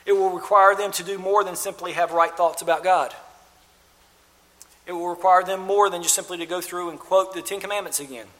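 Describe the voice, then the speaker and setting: A man's voice: high-pitched, fairly bright tone. A man preaching a sermon to his congregation, earnest, often repeating his phrases and swelling then dropping his volume. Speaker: pastor. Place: church sanctuary. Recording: long reverb of a large hall.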